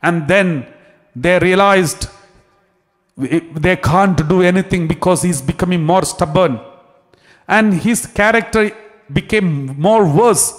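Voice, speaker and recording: A man's voice: high voice, slow. A man, a priest, telling a story in a sermon, repeating phrases and restarting as he goes. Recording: long hall reverb.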